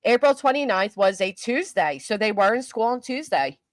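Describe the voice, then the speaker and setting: A chatty older woman talking through a live stream and poking fun at herself. Her pitch sits in a middle range. The sound is dry and close, with no room around her. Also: big pitch swings, moderate pace, no echo. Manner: chatty, self-mocking, talks back to chat. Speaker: YouTube commentary host. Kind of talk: casual live-stream commentary.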